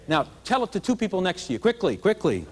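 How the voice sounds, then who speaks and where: A man with a high, lively voice leads a room full of adults through a playful teaching session. His speech swings widely in pitch as he gets the crowd to repeat phrases back to him, and a long reverb trails each line through the hall. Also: quick pace, slight background noise. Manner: playful, leads audience in call-and-response. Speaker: teacher trainer. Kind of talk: live teaching seminar. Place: hall with a live audience of adults.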